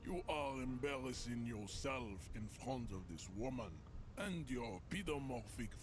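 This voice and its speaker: A man's voice: mid-range voice, animated, a little slow, close to an everyday voice. An actor playing a huge, arrogant male bouncer who lectures with contempt, speaking with a German accent. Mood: pompous contempt. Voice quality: pompous, lecturing.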